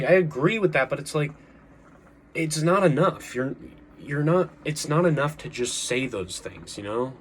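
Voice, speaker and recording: A man's voice: fairly low pitch, a bit bright, a little hiss or hum. A young man talking earnestly to camera in a casual monologue, rambling with frequent restarts and fillers. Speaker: vlogger.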